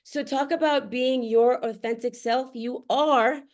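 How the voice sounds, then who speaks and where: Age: middle-aged. Sex: woman. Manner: blunt, profane, laughing, slow talker. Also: sits high, darkish tone. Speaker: mother speaking to other parents. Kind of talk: candid unscripted talk to camera. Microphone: camera facing her.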